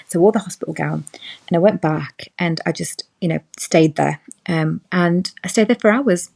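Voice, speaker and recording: A young woman recounts a personal story in relaxed podcast chat, her voice sitting a touch low. She acts out the people she quotes, shifting her tone for each, and keeps an easy conversational flow. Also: normal speed, gravelly. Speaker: podcast guest. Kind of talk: casual chat.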